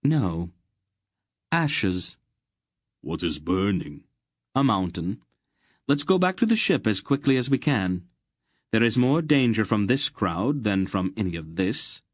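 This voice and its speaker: A man voicing a calm, commanding woman sorceress in an audiobook, speaking firmly. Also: lowish voice, slow, long pauses, no room sound, studio quality, full character voice.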